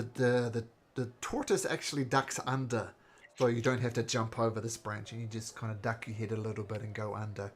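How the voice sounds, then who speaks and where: A man running a tabletop game as game master, chatty and quick to laugh, often restarting his sentences. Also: medium pitch, fairly bright tone.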